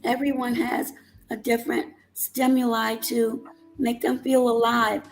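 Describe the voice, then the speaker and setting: Woman host talking slow and flat, bit of fry in her voice, faint guitar behind. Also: on the high side, low-quality recording. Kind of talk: talk show conversation.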